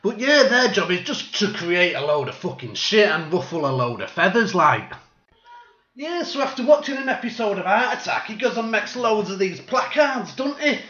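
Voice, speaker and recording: A man's voice: high-pitched, big pitch swings, normal speed, pushed and bright, reverberant, lo-fi sound. A man delivering a sarcastic, sweary satirical monologue and slipping into mocking voices.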